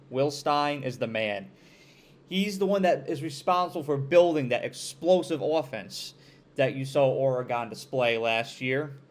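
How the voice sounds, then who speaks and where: Energetic upstate New York sports host. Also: male voice, a little high. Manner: energetic, emphatic hype delivery. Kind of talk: college football commentary to camera.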